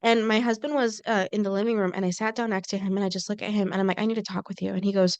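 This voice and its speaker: A woman's voice: mid-range voice, flat delivery, racing, a little mellow, dry recording. A woman co-hosting a podcast, telling a personal story in casual chat and acting out quoted lines. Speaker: co-host.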